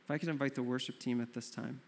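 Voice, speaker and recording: A young adult man preaching a sermon as pastor, telling stories in an animated way and acting out his own surprise. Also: mid-range voice, fast talker, a little hiss or hum. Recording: long reverb of a hall.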